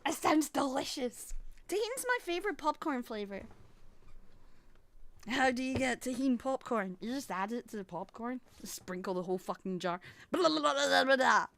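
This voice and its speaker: A woman's voice: high-pitched, lively intonation, normal speed, gravelly, a bit bright. A Scottish woman chatting casually as she reacts to a video, playful and giggly, rambling between thoughts. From Scotland. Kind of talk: casual reaction stream chat.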